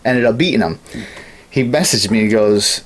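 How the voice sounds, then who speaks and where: A man's voice: on the low side, moderate pace. A man in casual studio chat, telling long gaming stories with lots of swearing and laughter. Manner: rambling storyteller, swears often, laughs at his own stories. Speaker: podcast co-host.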